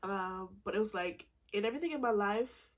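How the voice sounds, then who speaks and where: Woman in her twenties, casual storytime vlog, lively swooping pitch, rambling, profane, quick to laugh. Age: 20s. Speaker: vlogger.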